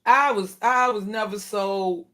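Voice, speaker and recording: A woman talking straight to her viewers in a loose, casual commentary, her voice sitting at an ordinary middle pitch. She sounds indignant and animated, with short laughs dropped between her points. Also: a little slow. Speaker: video commentator.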